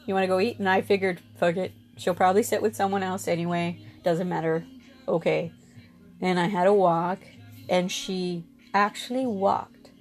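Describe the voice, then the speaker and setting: A woman's voice: on the low side, gravelly. A middle-aged woman candidly recounting childhood memories in a rambling, casual way. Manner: candid, rambling with restarts and fillers. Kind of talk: personal storytelling.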